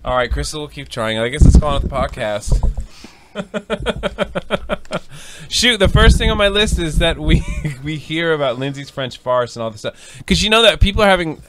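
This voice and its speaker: A man hosting a casual podcast, loud, joking and profane. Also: fairly high pitch, animated, moderate pace, a little hiss or hum. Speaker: podcast host.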